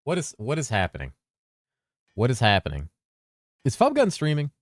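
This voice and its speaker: A man streaming games, chatting loosely with his viewers in a deep, bassy voice. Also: huge pitch swings, moderate pace, no room sound, clean studio sound. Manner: rambling and loose, with bursts of laughter. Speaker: game streamer. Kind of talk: casual livestream chat answering viewers. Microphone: streaming mic through a mixer.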